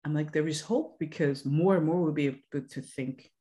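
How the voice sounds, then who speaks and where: Lively woman host acting out anecdotes. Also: sits low, brisk. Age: 30s. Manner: lively storyteller who acts out quoted voices. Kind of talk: casual podcast conversation.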